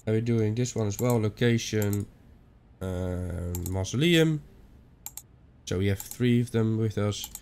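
A man giving chatty let's-play commentary on a ghost hunting game, thinking out loud with some non-native phrasing. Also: fairly low pitch, a little slow, smooth. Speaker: gaming YouTuber.

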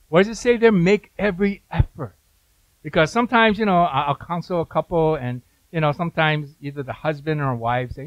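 A male pastor delivers a sermon in an easygoing, conversational manner, often stopping to address his listeners directly. His voice sits a little high for a man. The recording is close and dry, with no room sound. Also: a little fast, no echo, poor audio. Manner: conversational preaching with frequent "you know" asides.

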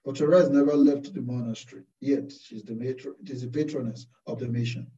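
A man, a Carmelite priest, preaching a slow, deliberate sermon full of rhetorical questions. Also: medium pitch, steady tone, dark tone. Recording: distant, roomy, dull-sounding recording.

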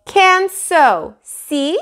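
A shrill, squealing toddler boy who won't back down, all excitable demands, as a woman reading aloud puts him on. The voice jumps high and lively, a storybook child brought to life. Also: drawn-out words, exaggerated voice. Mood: excited.

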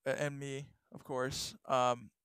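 Young guy, casual vlog storyteller, rambly with lots of fillers; clean, smooth voice, dry close sound. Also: medium pitch, flat delivery, slow, fairly bright tone, no echo. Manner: rambling, many fillers and restarts. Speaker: vlogger.

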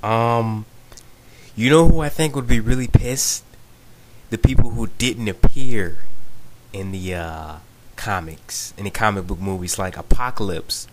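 A man's voice: lowish voice, unhurried, a little hiss or hum. A man giving a rambling, casual video response, full of ums and "you know what I'm saying". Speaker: video blogger.

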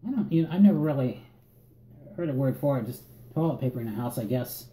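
A man with a Northern Virginia accent reading an accent tag word list in a relaxed, halting way and often repeating words. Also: mid-range voice, reverberant. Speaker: vlogger.

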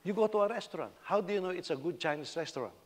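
A Filipino man preaches with a light, conversational humor. His voice sits a little high for a man. The sound carries the long reverb of a large hall. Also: expressive, very fast. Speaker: senior pastor. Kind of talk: sermon.

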